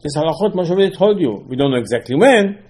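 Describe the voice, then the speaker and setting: A man teaching an animated Torah class, mixing Hebrew terms into his English and pressing rhetorical questions. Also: fairly high pitch, quick pace. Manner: repeats rhetorical questions, emphatic.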